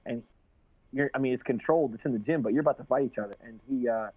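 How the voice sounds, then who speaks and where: A man's voice: mid-range voice, fast, dry recording. A man rambling through a casual interview, restarting sentences and swearing freely. His voice comes through a tinny, phone-like line. The sound is dry and close. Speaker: guest fighter.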